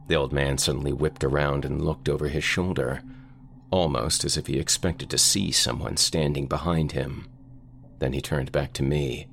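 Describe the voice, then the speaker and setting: A man narrating a first-person horror story in a measured, deliberate way. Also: rumbling low, fairly even intonation, creaky, a bit bright, slight background noise. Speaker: voice actor narrator.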